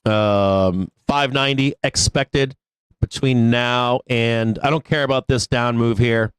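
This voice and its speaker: A man hosting a live stock trading show, talking through his charts in an angry, profane, halting way with many fillers. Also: medium pitch, steady tone, smooth, dry recording.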